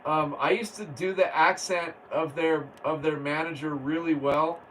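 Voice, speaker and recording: Reading out viewer comments and laughing often, a man hosts a casual livestream at a moderate pace. His voice is on the high side and fairly bright, with fairly even intonation, recorded on a distant mic with faint background noise.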